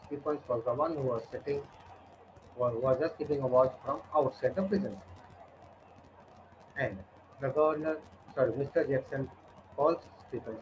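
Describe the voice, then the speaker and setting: A man's voice: medium pitch, normal speed, long pauses, slight background noise. A male teacher, retelling a story to students in a conversational way and checking in with them. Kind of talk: storytelling lesson. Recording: dull lo-fi with cooing pigeons. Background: pigeons cooing.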